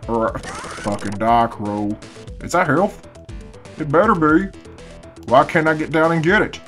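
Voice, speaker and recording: Slow, foul-mouthed man playing a game. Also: fairly high pitch, fairly bright tone, faint music behind. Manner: profane, swears constantly, grumbles at the game. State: half asleep, early in the morning. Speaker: gameplay commentator. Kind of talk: casual let's-play commentary.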